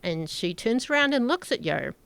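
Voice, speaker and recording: A woman narrating a tabletop game as game master, describing scenes slowly with halting fillers. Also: fairly high pitch, big pitch swings, creaky, fairly bright tone.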